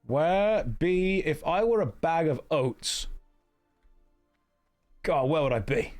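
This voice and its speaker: A man's voice: fairly high pitch, expressive, slow pace, darkish tone, faint music behind. A man putting on a cheeky Cockney lad. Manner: exaggerated mock British accent.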